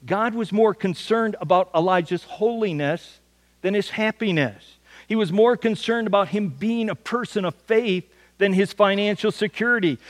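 A man's voice: sits high, in a large hall. A male pastor preaching a sermon in a folksy way, often stumbling over repeated words.

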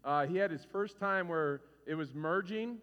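Animated pastor preaching in a reverberant hall. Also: male voice, on the high side, normal speed, clean tone, dull audio. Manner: animated storytelling, acting out voices and shouts. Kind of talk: sermon. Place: church hall.

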